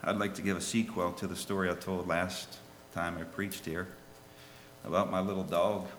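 A man preaching a sermon and telling a children's story, swinging from soft, low asides to loud, high pleas. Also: level tone, moderate pace, slight background noise. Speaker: lay preacher. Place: church. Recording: echoey hall with faint ambience.

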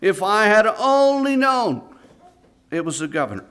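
A despairing condemned young man cries out in a high, loud, breaking voice, as a preacher acts him out. His words come slow and tearful. Each phrase strains with anguish. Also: very animated, clear, resonant tone, heavily acted. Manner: anguished crying plea.

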